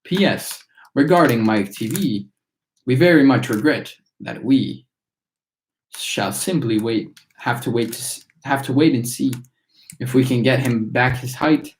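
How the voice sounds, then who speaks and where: A chorus of tiny storybook factory workers lecturing in rhyme, recited by a man. The verse rolls in a steady rhythm at a middle pitch. A roomy echo hangs around the voice. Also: measured pace, close to an everyday voice. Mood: preachy.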